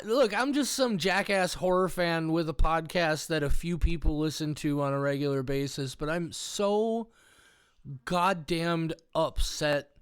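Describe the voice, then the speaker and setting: A man co-hosting a horror podcast in casual chat, swearing freely and ranting in an animated way. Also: a little high, clear, resonant tone, no echo, studio quality. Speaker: podcast co-host.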